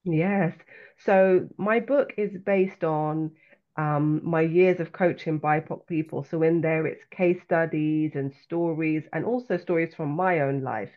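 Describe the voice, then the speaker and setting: A woman's voice: deep voice, fairly even intonation. London woman author with a dull lo-fi sound. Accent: London English. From London, England. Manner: reflective, earnest, measured. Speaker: author and coach, guest. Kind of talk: podcast interview.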